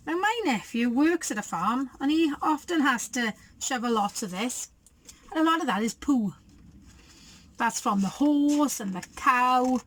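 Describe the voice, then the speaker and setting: A woman reading a picture book aloud to children, expressive, with chatty asides. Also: fairly high pitch, unhurried, poor audio. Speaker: storyteller.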